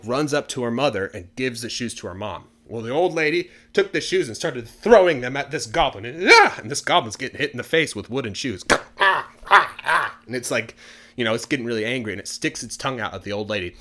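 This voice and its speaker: A man casually telling a folk tale for English learners in a relaxed, chatty way with many fillers. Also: medium pitch, fairly quick. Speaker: storyteller.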